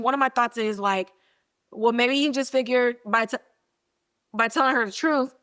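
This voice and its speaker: A woman hosting a podcast, giving a casual recap of a TV episode and playfully acting out quotes from the scenes. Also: on the high side. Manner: animated, acts out quotes with playful put-on voices. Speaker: podcast host.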